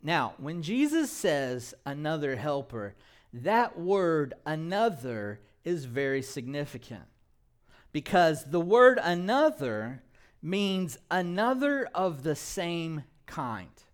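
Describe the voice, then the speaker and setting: Male pastor delivering a sermon in a church. High, lively voice, slow deliberate pace, playful asides. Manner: animated preaching with call-and-response prompts; light humor, laughs at his own jokes.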